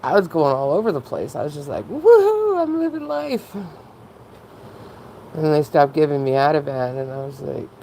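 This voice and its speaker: Woman, low voice, gravelly fry, mellow tone, rambling candid vlog talk. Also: quick pace, few pauses, slight background noise, rough recording. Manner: rambling, candid, frequent laughs. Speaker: vlogger. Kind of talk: casual personal monologue.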